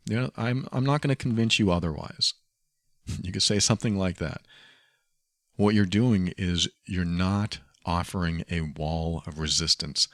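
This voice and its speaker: A man hosting a podcast, giving calm, coaching advice and repeating key phrases. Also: low voice, dry recording, clean studio sound. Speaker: podcast host. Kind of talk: advice monologue.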